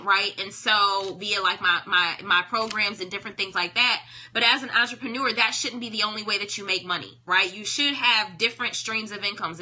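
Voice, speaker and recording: Reading a self-help book on her live stream, a woman leads the discussion in a mid-range voice that sounds pushed and bright. She speaks in a chatty, preacherly manner, repeatedly asking "right?"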